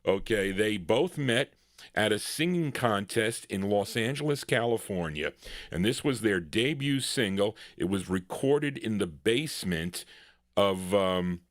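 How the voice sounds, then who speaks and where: A man's voice: fairly low pitch, no room sound, studio quality. A man hosting a live record show, chatting casually and rambling as he introduces songs and reads listener requests. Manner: rambling, thinking aloud, reading chat requests. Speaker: radio-style show host playing records.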